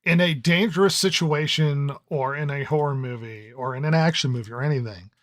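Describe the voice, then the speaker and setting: A man's voice: on the high side, fairly quick, a bit bright, dry recording, clean studio sound. A man co-hosting a podcast, chiming in with wry comments in casual chat and mocking the characters. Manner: wry commentary that mocks characters in mini voices. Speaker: podcast co-host.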